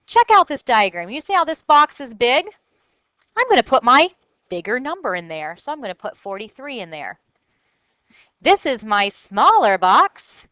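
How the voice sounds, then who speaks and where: A woman's voice: on the high side, pushed and bright, no room sound, rough recording. A woman teacher recording a math lesson for children, thinking aloud step by step in an upbeat way.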